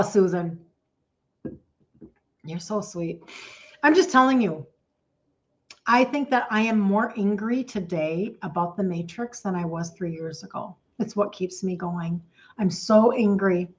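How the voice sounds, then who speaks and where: A woman's voice: medium pitch, highs cut off. A middle-aged woman, a health coach hosting an emotional livestream talk, speaking emphatically with lots of repetition and greeting viewers by name.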